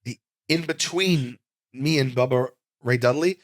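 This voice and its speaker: A comedian telling an animated story in casual talk, with restarts and acted-out quotes, in a studio. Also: male voice, medium pitch, measured pace, no room sound. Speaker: comedian guest.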